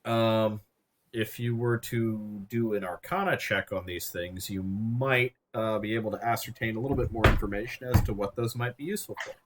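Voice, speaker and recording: A man in his thirties running a tabletop game as game master, talking in a relaxed, jokey way with plenty of fillers. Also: lowish voice, normal speed, background noise.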